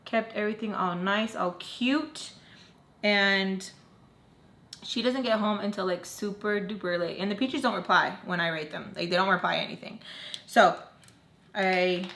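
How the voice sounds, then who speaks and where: Animated woman telling a storytime. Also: mid-range voice, measured pace. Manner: animated, emotional retelling with Spanish slang. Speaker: vlogger. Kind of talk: storytime vlog. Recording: echoey room.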